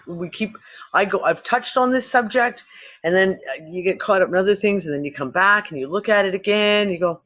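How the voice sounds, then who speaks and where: A man hosting a discussion show, thinking out loud in loose, rambling speech with casual swearing and frequent restarts. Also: sits high, a little fast. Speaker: podcast host. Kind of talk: casual speculative talk. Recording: dull lo-fi recording.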